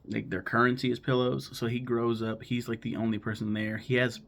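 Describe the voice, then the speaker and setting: Guy in his 30s, gravelly voice, swears a lot, rambles on, middle pitch. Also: little pitch movement, a bit bright. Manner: swears freely, rambles, acts out characters' lines in quick voices. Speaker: YouTuber ranking favorite cartoons. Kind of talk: casual rambling talk to camera.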